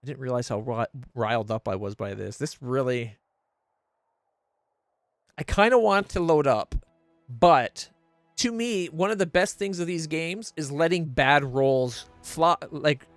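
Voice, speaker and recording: High-voiced man ranting over a game. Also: measured pace, no echo, clean studio sound, soft background music. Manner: exasperated, profane ranting. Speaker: streamer playing a game blind. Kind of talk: casual gameplay commentary.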